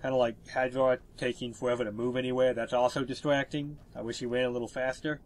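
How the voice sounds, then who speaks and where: A man's voice: medium pitch, little pitch movement, fast talker. A man with a stuffy, congested voice from a cold, chatting casually and explaining gameplay as he narrates a walkthrough. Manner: chatty, explanatory, with filler words. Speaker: video game walkthrough narrator.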